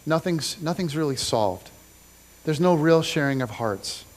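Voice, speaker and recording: A middle-aged man preaching a sermon in a casual, conversational storytelling style, acting out the people in his story with lively slang. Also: on the high side, a little slow. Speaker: pastor. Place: church stage.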